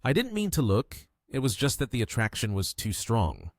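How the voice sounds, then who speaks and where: A man voicing an excitable, newly rich young hero in a comic recap. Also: mid-range voice, normal speed, no room sound, clean studio sound. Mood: musing.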